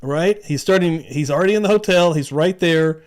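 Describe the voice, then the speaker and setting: A man's voice: fairly high pitch, normal speed, a little mellow. Man reacting casually on a livestream. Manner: reads texts aloud, then reacts with blunt asides. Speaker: livestream host reacting to trial clips. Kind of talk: casual live commentary reading messages aloud.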